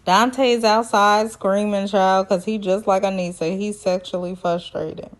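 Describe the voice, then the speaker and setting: Woman vlogger, sassy and teasing, slow delivery. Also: medium pitch, steady tone. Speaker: reality TV recap vlogger. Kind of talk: casual recap commentary.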